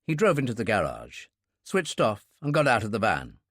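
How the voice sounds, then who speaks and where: Guy reading a thriller audiobook, expressive, super dry mic. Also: on the low side, normal speed, no echo. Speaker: audiobook narrator. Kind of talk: scripted narration.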